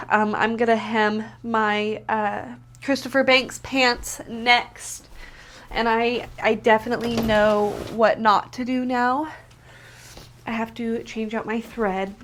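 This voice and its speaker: A woman's voice: a little high, a bit bright. A woman vlogging casually at home to camera, chatty and self-deprecating, thinking aloud as she talks about her own work. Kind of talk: casual vlog talk to camera. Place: at home, indoors.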